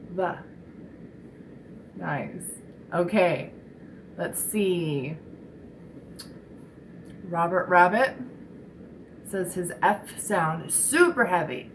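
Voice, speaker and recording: Brief: woman speech teacher for kids, unhurried and encouraging, faint room hum behind. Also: lowish voice, rough recording. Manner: encouraging, demonstrating sounds slowly for children. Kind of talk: slow, clear children's speech lesson.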